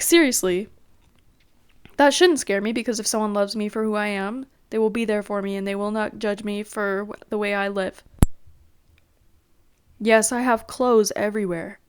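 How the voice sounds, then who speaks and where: A woman's voice: medium pitch, clean tone, no room sound. A young woman rambling in a casual, self-deprecating solo chat at home. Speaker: podcast host.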